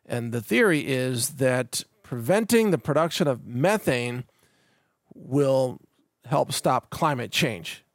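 A middle-aged man hosts a podcast, working through the news in a casual, sardonic way, laughing at it and repeating words each time he restarts. His mid-range voice is expressive and unhurried, in studio-quality audio with no echo.

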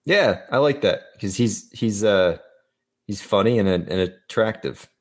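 A man's voice: fairly low pitch, expressive, unhurried. A man co-hosting a casual movie podcast, laid-back and profane, often restarting his sentences. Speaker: podcast co-host.

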